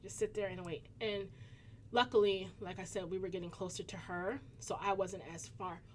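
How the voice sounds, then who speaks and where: A woman's voice: normal speed, slight background noise. A woman in her thirties with a Southern US accent, telling a personal story casually to her viewers and acting out the people in it. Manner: animated, acts out quoted voices with pitch jumps. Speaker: vlogger.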